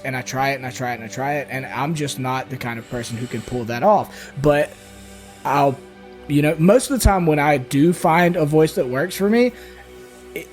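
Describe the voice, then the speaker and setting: Middle-aged man from Mississippi, podcast co-host; raised pitch, loose swearing chatter, faint music underneath. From Mississippi, US South. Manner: loose and profane, full of "like" and "you know". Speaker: podcast co-host, game master. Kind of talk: casual podcast chat.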